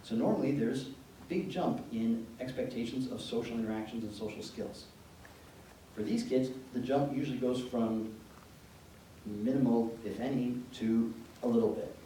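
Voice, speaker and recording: A man giving an educational talk to parents, telling anecdotes in an animated, joking way. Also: mid-range voice, moderate pace. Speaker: presenter speaking to parents. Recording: echoey room from far off, faint background noise.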